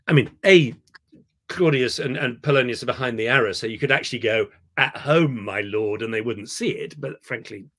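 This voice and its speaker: A man leading an online acting workshop. He is animated and digressive, repeating words when he gets excited, heard over a video call. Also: medium pitch, brisk, breathy edge. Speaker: theatre director leading a workshop.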